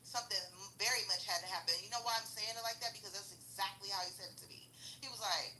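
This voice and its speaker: Bright-voiced woman on a profane rant. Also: mid-range voice, racing, hardly any pauses, a little hiss or hum, poor audio. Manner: blunt, profane, slangy, laughs through stories. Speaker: vlogger. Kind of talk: casual storytelling rant.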